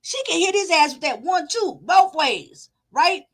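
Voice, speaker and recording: A woman reacting to a video in loud, animated, profane casual commentary. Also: extremely high pitch, a little slow.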